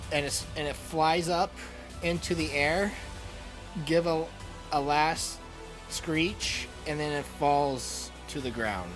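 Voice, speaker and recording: Halting male game master. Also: fairly high pitch. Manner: halting narration with restarts. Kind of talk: narrating a tabletop game.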